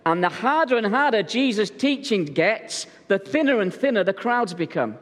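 A man's voice: high-pitched, sing-song, moderate pace, in a large hall. A male pastor preaching a sermon in a church, telling stories in a jokey, conversational way. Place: church sanctuary.

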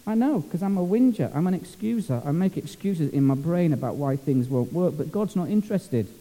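A Scottish pastor preaching with a lively, jokey, down-to-earth manner. His voice sits fairly high but sounds very mellow and dark. A long church-hall reverb trails every phrase. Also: brisk. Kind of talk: sermon.

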